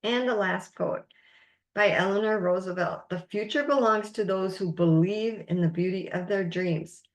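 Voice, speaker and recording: A woman's voice: mid-range voice, normal speed. A woman life coach teaching a recorded masterclass, speaking in an encouraging, emphatic way and stressing key words.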